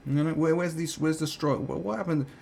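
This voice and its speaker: A man's voice: on the high side, brisk, vocal fry, a little mellow, a little hiss or hum. A man delivering a heated, profane commentary rant, full of stumbles and restarts. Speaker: commentary vlogger. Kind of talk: ranting commentary.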